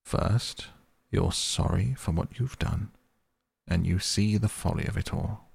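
A man voicing a stern, dignified old male badger who speaks gravely and firmly. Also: sits low, darkish tone, no room sound, full character voice. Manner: grave, firm and measured.

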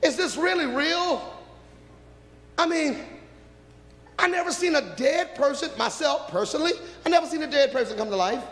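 A man preaching an impassioned sermon that climbs into shouts, recorded in a reverberant hall. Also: very high voice, lively intonation, moderate pace, pauses often.

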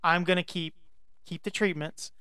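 A woman's voice: lowish voice, fairly even intonation, normal speed, pushed and bright, clean tone, no echo. A woman co-hosting a podcast in casual chat, brassy, playful and self-assured, talking into a studio microphone. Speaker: podcast co-host.

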